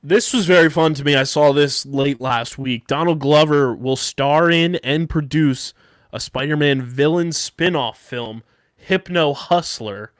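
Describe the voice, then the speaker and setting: A man's voice: on the high side, measured pace, dry recording, studio quality. A man hosting a casual podcast, running through news and a sponsor read with plenty of fillers. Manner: conversational, filler-heavy. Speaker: podcast host.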